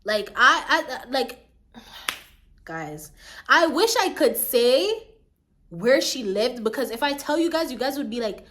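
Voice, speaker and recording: Chatty young woman with a fairly high voice who keeps checking the listener follows. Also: slow, long pauses. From Jamaica. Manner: chatty, animated, keeps asking "you get what I mean". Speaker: vlogger. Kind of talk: casual storytime chat.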